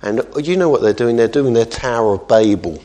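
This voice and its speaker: A man delivers a sermon from the pulpit. His voice sits at an ordinary pitch, earnest throughout, falling to quiet asides and then rising into emphatic exhortation. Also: expressive, brisk. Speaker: pastor.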